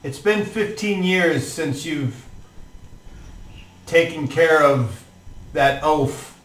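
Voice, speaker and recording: A man's voice: fairly high pitch, extremely slow, a bit bright. Man voicing a stern, commanding mother. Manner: cold, commanding. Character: stern protective mother of a female adventurer. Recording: roomy echo, distant mic.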